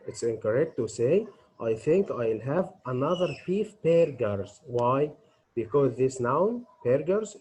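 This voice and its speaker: A man's voice: medium pitch, darkish tone, husky, rough recording. A middle-aged man, an English teacher, giving a grammar lesson and answering his own questions as he goes.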